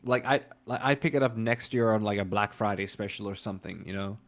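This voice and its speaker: A man's voice: on the low side, fairly quick, fairly bright tone. A man co-hosting a games podcast in casual chat, easygoing and wry, often tagging his points with "you know". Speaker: podcast co-host.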